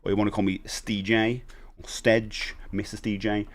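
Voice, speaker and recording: A man's voice: on the low side, flat delivery, normal speed. A man chatting casually on a live stream, rambling and reading viewer comments aloud.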